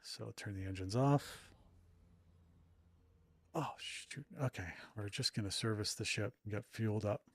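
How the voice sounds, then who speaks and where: A man's voice: lowish voice, a little fast, hardly any pauses, dry recording. A middle-aged man chatting casually with his live-stream audience while playing, self-deprecating and rambling. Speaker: streamer and author.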